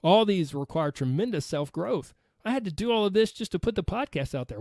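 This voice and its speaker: With lively intonation and a darkish tone, this Southern man, a weight loss coach, carries a solo podcast episode, his voice sitting high for a man. He's earnest and motivating, tossing in a quick "right?" again and again, and the recording is dry with no echo or room sound.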